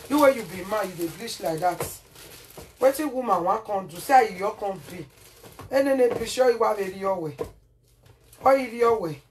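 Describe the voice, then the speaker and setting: A woman's voice: medium pitch, expressive, normal speed, pauses often, a little mellow, recorded from a distance. Woman, Nigerian Pidgin, cooking vlogger who scolds and repeats herself, sits back from the mic in a kitchen with faint noise. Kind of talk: casual cooking vlog rant.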